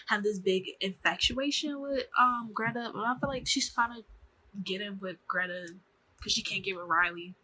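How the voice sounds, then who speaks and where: A woman's voice: mid-range voice, slightly rough, rough recording. A young woman casually recapping a TV show to camera, chatty and slangy, acting out the characters' lines. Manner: chatty, slangy, animated, acts out quotes. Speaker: vlogger reviewing a TV show.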